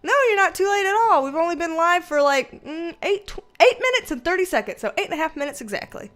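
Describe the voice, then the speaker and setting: A woman's voice: extremely high pitch, expressive, fast, a bit bright. A woman hosting a casual livestream, greeting viewers by name and laughing often. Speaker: livestream host and tarot reader.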